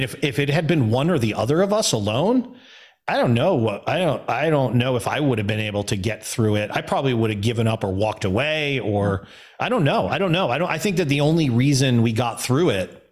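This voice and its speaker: A man's voice: medium pitch, lively intonation, a little fast. Reflective chatty middle-aged man. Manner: reflective, chatty, laughs easily. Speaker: guest, production company owner. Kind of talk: casual conversation.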